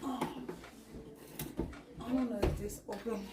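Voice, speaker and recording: A woman's voice: fairly high pitch, fairly even intonation, normal speed, pauses often, heavy background noise. A woman chatting casually as she cooks in her home kitchen, naming each step as she goes. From Liberia. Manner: chatty, narrates each step while cooking. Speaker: cooking vlogger. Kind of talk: casual cooking chat.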